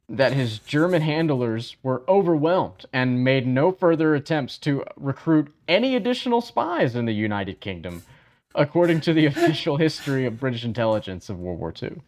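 A man's voice: mid-range voice, very animated, moderate pace. A man co-hosting a podcast, casually telling a history story with many fillers and frequent yeahs.

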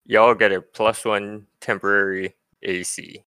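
A man runs a tabletop game for friends, his voice bright and forward. He narrates in a playful, teasing way and laughs easily. The sound is dry and close, with no room around it. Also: fairly low pitch, level tone, a little slow, smooth, no room sound. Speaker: game master.

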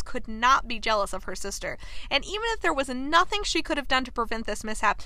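A woman's voice: on the high side, pushed and bright, no echo. A woman in a casual recap, animatedly acting out characters' lines and reading passages aloud. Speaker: book and TV commentator.

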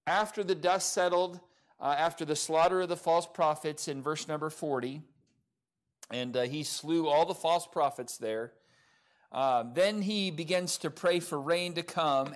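A man preaching a sermon at a church service, talking in a conversational way with many fillers and restarts. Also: a little high. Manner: conversational, many fillers, self-described sarcastic. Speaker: pastor. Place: church in Oklahoma.

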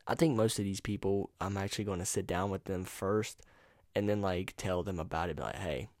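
A man from North Carolina hosting his own podcast, talking in a loose, rambling way and cursing freely. His voice sits low, and the USB mic at home gives it a close, dry sound with no room echo. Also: steady tone, a little fast, a little mellow. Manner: rambling, profane, laid-back. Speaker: podcast host. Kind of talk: casual solo podcast monologue. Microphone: USB microphone.

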